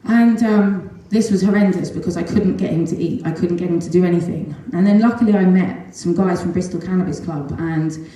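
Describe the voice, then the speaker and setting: Middle-aged mum, earnest testimonial talk, lowish mellow voice, very echoey room. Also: female voice, a little fast, few pauses. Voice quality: earnest, animated, with frequent ums and nervous laughs. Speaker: mother giving a testimonial. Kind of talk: emotional personal storytelling talk.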